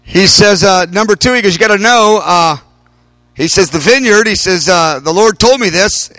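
A man's voice: high voice, moderate pace, dry recording, soft background music. A middle-aged man preaching, telling a long personal story and voicing the people he quotes with a lifted voice. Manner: animated storytelling, quoting others in raised voice. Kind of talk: storytelling sermon.

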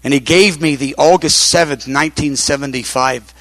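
A man's voice: a little high, moderate pace, a bit bright, dry recording. An older man preaching in a conversational storytelling way, often repeating himself with fillers like "uh". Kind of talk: sermon storytelling.

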